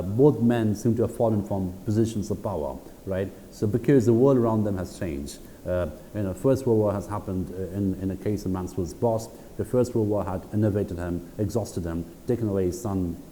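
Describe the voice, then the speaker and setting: A man giving a recorded university lecture, reading quotes aloud slowly and checking in with "right?" between points. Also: low voice, mellow. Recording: hall reverb with faint background noise.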